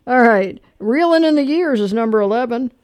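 A man's voice: very high voice, expressive, clear, resonant tone, no room sound. Chatty male radio show host. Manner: chatty, storytelling, quick quiz banter. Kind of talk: call-in music quiz show.

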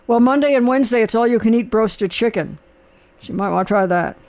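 A man's voice: high voice, a little fast, darkish tone. An older man hosting a casual talk show, rambling and chatty with lots of fillers. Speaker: radio host. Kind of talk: casual chat.

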